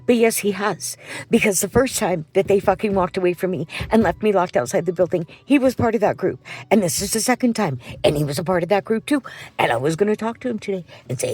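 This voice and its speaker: A woman's voice: medium pitch, expressive, brisk, a little mellow, slightly rough. A middle-aged woman who works as a janitor, venting in a rambling, profane monologue.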